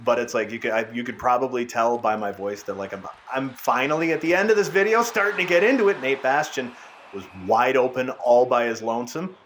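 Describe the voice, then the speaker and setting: Excited man calling hockey gameplay. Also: medium pitch, a little fast, a little hiss or hum. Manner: casual excited play-by-play, swears. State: voice worn out. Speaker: gaming YouTuber. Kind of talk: gameplay commentary.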